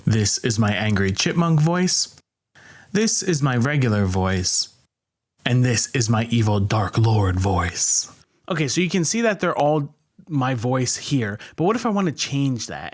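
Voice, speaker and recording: A man hosting a software tutorial, calmly walking through editing steps with occasional fillers. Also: medium pitch. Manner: relaxed step-by-step explaining, with fillers. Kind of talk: screen-recorded editing tutorial.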